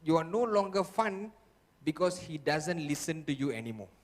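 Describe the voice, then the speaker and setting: A man's voice: fairly high pitch, very animated, moderate pace. A man giving a motivational seminar talk who keeps checking in with the audience and acts out the voices he quotes. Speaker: seminar speaker. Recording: long hall reverb.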